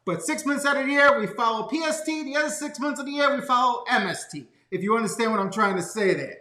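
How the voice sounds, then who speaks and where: Male vlogger on a rant, lively and bright, keeps asking "okay?"; roomy echo. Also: very high-pitched, fast talker. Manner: rants, constantly adding "okay?". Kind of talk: casual ranting vlog. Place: home studio room.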